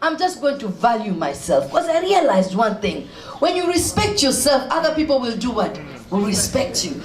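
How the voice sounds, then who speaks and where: A woman telling comic stories on stage, acting out the people in them and laughing and shouting as she goes. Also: a little high, very animated, moderate pace. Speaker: stand-up comedian and spoken-word poet. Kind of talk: stand-up storytelling with poetry. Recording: echoey room.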